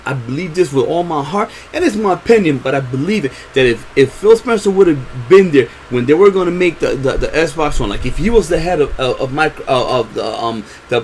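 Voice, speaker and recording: Fired-up high-pitched man ranting. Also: a little hiss or hum. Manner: profane, passionate, many repeated words and fillers. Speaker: gaming vlogger. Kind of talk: unscripted rant to camera.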